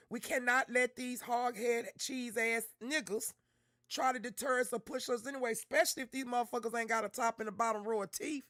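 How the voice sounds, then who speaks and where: Woman streamer, casual chat, slangy and heartfelt, mid-pitched voice, dry close mic. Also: a bit bright, no room sound. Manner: candid, slangy, heartfelt, talks straight to her chat. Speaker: livestream host reacting to content.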